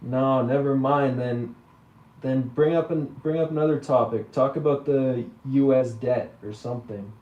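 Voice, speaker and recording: A man's voice: mid-range voice, fairly even intonation, measured pace, reverberant. Teasing man on a lo-fi, distant mic. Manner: teasing and trolling, stalls with repeated words. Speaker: user chatting with an AI voice. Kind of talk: casual chat.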